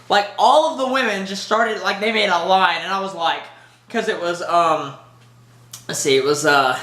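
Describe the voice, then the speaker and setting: A man giving an excited, rambling movie review, full of fillers and restarts. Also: high voice, reverberant.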